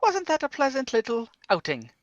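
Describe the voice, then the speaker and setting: A woman's voice: high voice, huge pitch swings, moderate pace, highs cut off. A woman playing a tabletop role-playing game, with a playful, sarcastic manner. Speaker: player. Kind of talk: tabletop role-play chat.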